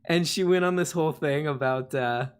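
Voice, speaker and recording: A man's voice: a little high, normal speed, smooth. A man hosting a casual live stream, rambling and laughing at himself as he reads requests. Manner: rambling, laughing, self-mocking. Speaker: streamer host.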